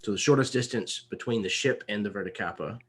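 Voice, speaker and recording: A man's voice: lowish voice, fast, husky. A man playing a tabletop game, hesitantly talking through his options and describing his character's actions. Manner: hesitant, many ums, talks through options. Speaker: player.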